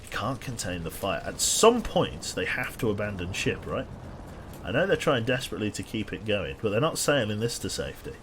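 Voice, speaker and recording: A man streaming a game, talking viewers through the action in a dry, sardonic running commentary with the odd casual swear. His voice sits low but swings widely in pitch. A faint hiss of noise runs underneath. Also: big pitch swings, a little fast, fairly bright tone. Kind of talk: live gameplay commentary to chat.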